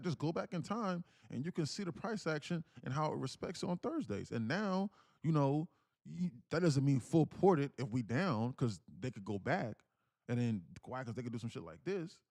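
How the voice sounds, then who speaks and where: Man, stream host, mid-pitched with a gravelly rasp; casual, slangy live market commentary. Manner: animated, reads chat aloud, slangy and profane.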